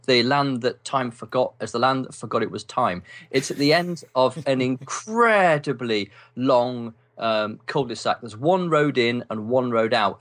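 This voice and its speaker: A man with an English accent telling stories in a casual interview. His delivery is wry and animated, swinging his pitch around, and he keeps a steady mid-range voice with frequent ums. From England. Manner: animated, wry storyteller with many ums and laughs. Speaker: podcast guest, writer.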